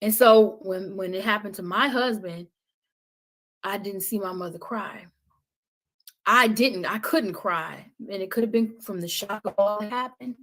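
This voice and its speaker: A middle-aged woman, a podcast guest, speaking with passion and conviction, often dropping to a soft, intense tone. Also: mid-range voice, unhurried. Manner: impassioned, preachy, drops to soft intensity. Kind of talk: passionate conversational talk.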